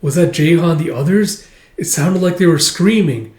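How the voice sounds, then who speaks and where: A man's voice: a little high, expressive, normal speed, a little mellow, echoey room, voice pushed up, lightly acted. A man reading the lines of a young princess who leads an army, in an earnest, urgent way.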